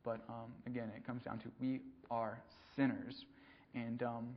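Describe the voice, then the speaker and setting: A man preaching a conversational sermon, pausing often with ums and repeating words as he goes. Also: mid-range voice, little pitch movement. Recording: dull lo-fi recording.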